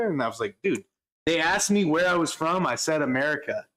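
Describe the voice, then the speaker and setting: A man's voice: a little high, lively intonation, normal speed, fairly bright tone, low-quality recording. Laid-back man telling a bar story. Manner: storytelling, swearing, laughs often. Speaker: livestream co-host. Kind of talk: casual chat.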